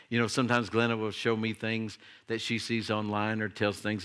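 Bright-voiced older man preaching. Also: fairly low pitch, little pitch movement, a little fast, few pauses, clear, resonant tone. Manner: conversational preaching that swings into emphatic declarations. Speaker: pastor. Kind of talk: sermon.

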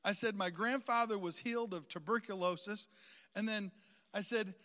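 A man's voice: sits high, moderate pace, pushed and bright, big-room sound. A man preaching a sermon, outgoing and talkative, calling on the congregation to repeat phrases after him.

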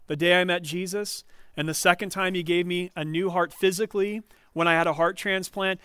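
Earnest high-voiced male preacher. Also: fairly bright tone, clean tone, dry recording, clean studio sound. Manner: earnest preaching, rising to emphatic questions. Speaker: pastor. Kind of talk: sermon.

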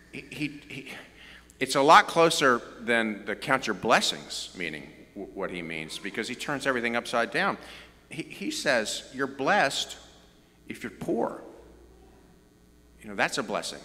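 A man's voice: medium pitch, very animated, normal speed, bright, forceful tone, long reverb tail. A middle-aged man with a Southern US accent, preaching a conversational sermon with joking asides. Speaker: pastor.

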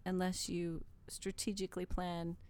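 A woman chatting casually, playful and quick to laugh, asking follow-up questions. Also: lowish voice, little pitch movement, a little mellow. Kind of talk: casual conversation.

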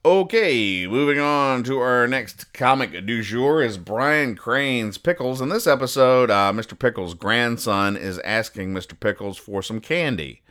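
A man's voice: medium pitch, animated, a little slow, few pauses, fairly bright tone. A man hosting a podcast, reading comic strips aloud and explaining the jokes in a rambling way, often stopping and restarting. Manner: rambling, stops and restarts, puzzled asides. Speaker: podcast host. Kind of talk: casual comedic comic-strip commentary.

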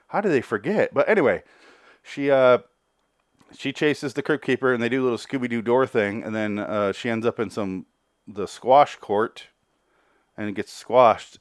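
A man hosting a podcast gives a rambling, sarcastic review of a cartoon, swearing freely as he goes. His voice sits at an ordinary mid pitch and is recorded close and dry. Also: no echo. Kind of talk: casual review chat.

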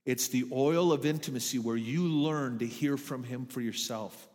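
A man's voice: mid-range voice, normal speed, a little mellow, big-room sound. A middle-aged man preaching a sermon in a church, earnest and emphatic. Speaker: pastor. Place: church sanctuary.

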